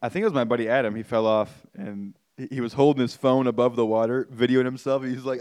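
A man's voice: mid-range voice, steady tone, quick pace, few pauses, darkish tone, clean tone. A man, hosting a podcast and telling a story casually and animatedly, swearing and saying "like" and "man" a lot. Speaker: podcast host.

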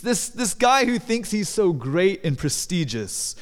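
A very animated pastor with a high voice preaches slowly yet with hardly any pauses, addressing the congregation conversationally and asking them questions. The church sanctuary lends a long hall reverb.

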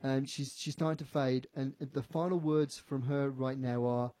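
A man working as a psychic medium on the radio, animated, often repeating himself and quoting what a spirit tells him. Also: medium pitch, moderate pace, no room sound. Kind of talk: on-air psychic reading. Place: radio studio.

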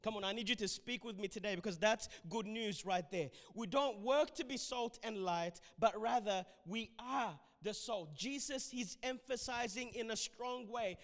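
A man's voice: high voice, moderate pace, few pauses, in a large hall. A man preaching a sermon in a church, emphatic and urging his listeners. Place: church hall.

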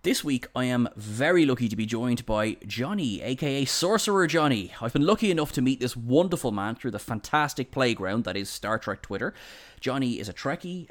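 A man with an Irish accent hosting a podcast, talking in an effusive, enthusiastic way. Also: medium pitch. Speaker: podcast host. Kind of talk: casual podcast chat.

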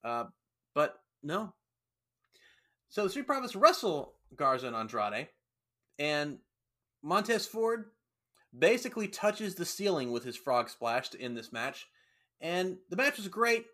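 Bright, lively-pitched man recapping casually. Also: measured pace, pauses often. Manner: animated storyteller, acts out quotes. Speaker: podcast host recapping wrestling. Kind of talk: casual chat.

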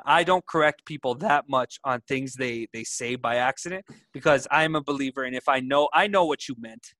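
A man's voice: mid-range voice, bright, forceful tone, no echo. Teasing podcast host man, dry sound. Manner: laughing, teasing. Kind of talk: casual podcast banter.

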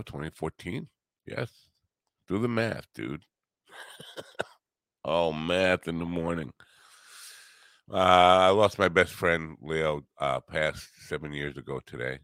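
A man's voice: a bass voice, a bit bright, no room sound. A middle-aged man hosting a solo morning chat show, rambling with wry, teasing humor. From US Northeast. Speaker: podcast host.

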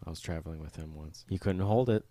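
A man's voice: deep voice, fast, warm tone. A man co-hosting a podcast, telling funny stories in casual chat with dry humor. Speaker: podcast co-host.

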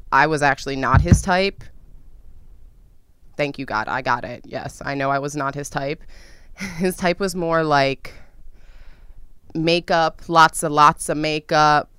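A young woman telling a dramatic, profane story in a casual vlog, with sudden loud outbursts. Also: sits low, a little slow, long pauses, clear, resonant tone, no echo, clean studio sound. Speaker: vlogger.

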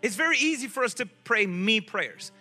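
A male pastor preaches in a high, bright, forceful voice, lively and casual, throwing questions to the crowd. Faint music plays behind him. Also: normal speed. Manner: animated preaching, asks the audience questions; casual speech. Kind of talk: sermon.

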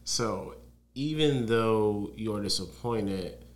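Man, podcast co-host, very deep voice, reflective, paraphrasing. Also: very slow. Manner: reflective, paraphrases back what he hears. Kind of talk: casual conversational podcast.

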